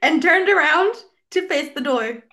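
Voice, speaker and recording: A woman's voice: high-pitched, animated, bright, forceful tone. A woman co-hosting a podcast in casual chat, reading stories aloud and giggling often. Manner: giggly, reads stories in an easy, unhurried way. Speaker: podcast co-host.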